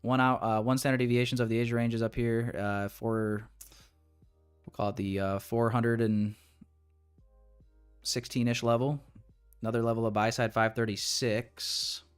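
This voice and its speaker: A man's voice: medium pitch, level tone, normal speed, pauses often, clean tone, soft background music. A young man talking casually through a live trading stream, rambling with restarts and sounding frustrated. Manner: frustrated, rambling, restarts, calls viewers boys. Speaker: day trader streaming live.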